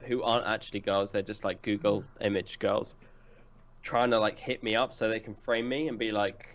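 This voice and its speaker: Low-voiced man with dry asides. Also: steady tone, normal speed, muffled recording. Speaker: podcast guest, streamer. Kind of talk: casual podcast chat.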